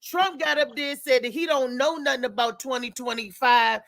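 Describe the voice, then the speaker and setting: A woman's voice: high voice, normal speed, gravelly, crowd noise. A woman hosting a casual live talk show, laughing and steering the talk. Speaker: host.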